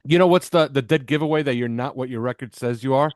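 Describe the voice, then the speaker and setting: A man's voice: mid-range voice, fast, no echo, clean studio sound. A man from New Jersey co-hosting a sports podcast, giving blunt, emphatic opinions in casual chat.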